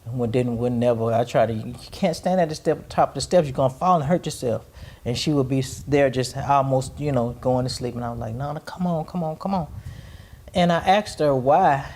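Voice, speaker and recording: A middle-aged woman hosting a podcast, recounting family events in a rambling way, pausing to search for her words. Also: very deep voice, a little mellow. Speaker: podcast host. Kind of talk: personal storytelling in conversation.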